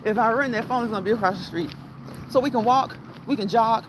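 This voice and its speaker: A woman's voice: a little high, normal speed. A woman hosting a casual walk-and-talk fitness livestream, chatting with her live chat and laughing often as she walks outdoors with her phone. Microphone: phone held while walking. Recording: outdoor phone audio with loud background noise.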